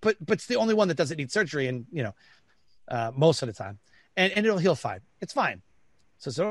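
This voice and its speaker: A blunt, emphatic middle-aged man from Detroit talks in a casual conversation and acts out the people he quotes. His voice sits a little high and swings widely in pitch. The recording is dry and close. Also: very animated, a little fast, no echo. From Detroit, Michigan. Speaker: podcast guest.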